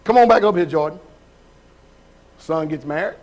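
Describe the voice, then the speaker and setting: High-voiced preacher quizzing his congregation. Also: normal speed, darkish tone. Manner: calls people up, checks in with the crowd. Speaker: pastor. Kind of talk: live sermon.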